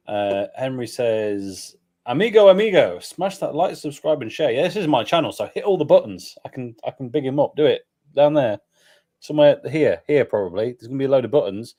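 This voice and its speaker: A man's voice: mid-range voice, dark tone. A man from England co-hosting a casual beer live stream, joking and rambling as he reads viewer comments aloud at home.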